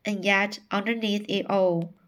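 A woman's voice: mid-range voice, fairly even intonation, fairly bright tone. A woman reading a novel aloud, often stumbling over words and starting phrases again. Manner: reads slowly with frequent stumbles and restarts. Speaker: narrator.

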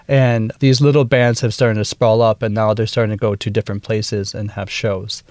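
A man in his thirties from Wisconsin with a Midwestern American accent, talking casually as a guest in a radio interview, relaxed and full of fillers. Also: fairly low pitch, fairly quick, few pauses, no room sound, clean studio sound. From Wisconsin, USA. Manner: relaxed, chatty, laughs easily, many fillers. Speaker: bandleader and woodwind player, guest.

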